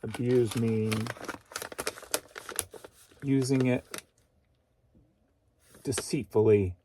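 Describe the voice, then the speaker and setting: A man's voice: mid-range voice, steady tone, drawn-out words, warm tone, slight background noise. A man who resells online, talking casually to himself while packing orders. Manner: thinking aloud, muttering to himself.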